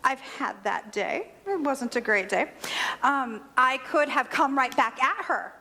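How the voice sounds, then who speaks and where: A woman's voice: high-pitched, expressive, measured pace, pushed and bright, a little hiss or hum. A woman minister giving a sermon, telling a personal story with humor and animation. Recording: long hall reverb.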